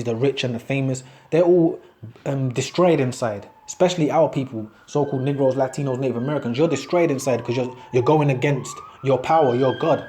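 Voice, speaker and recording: A man's voice: mid-range voice, dark tone. A man preaching in a loose, conversational way, reading scripture aloud and often ending lines with "man". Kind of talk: casual street-style preaching with scripture reading.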